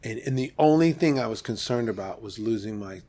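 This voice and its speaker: A middle-aged man from Los Angeles, a podcast guest, tells a candid story from his past in an animated way, rising sharply and then dropping off softly. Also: on the low side, brisk. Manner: vivid, animated retelling with sudden rises and soft drop-offs.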